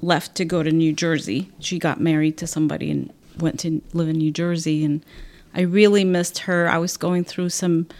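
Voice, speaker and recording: A woman's voice: sits low, normal speed, few pauses. Woman in her 50s from syria, chatty podcast guest, acts out the voices. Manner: animated, acts out quoted voices with laughter. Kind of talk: casual storytelling.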